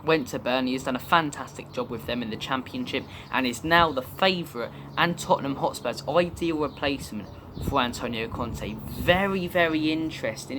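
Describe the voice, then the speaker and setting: A man's voice: mid-range voice, heavy background noise. A young man from the UK hosting a football fan channel, giving chatty, opinionated commentary and drifting off topic at times. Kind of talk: casual fan commentary to camera.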